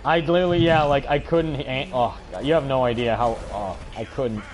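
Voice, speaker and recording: A young man hosting a livestream, chatting excitably and rambling with lots of "like". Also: medium pitch, normal speed, a little hiss or hum. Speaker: livestream host. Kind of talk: casual chat while streaming a game.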